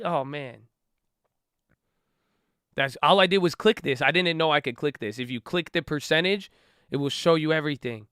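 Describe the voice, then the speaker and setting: Bright high-voiced excited man. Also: clean tone, no room sound, studio quality. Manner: animated, emphatic, slangy, talks back at critics. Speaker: investing vlogger. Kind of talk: casual excited talk to viewers.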